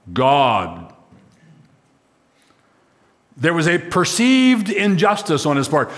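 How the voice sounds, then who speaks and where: A man's voice: mid-range voice, a bit bright. A man preaching a sermon, walking through a scripture passage and putting questions to the congregation. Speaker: pastor. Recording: long reverb of a large hall.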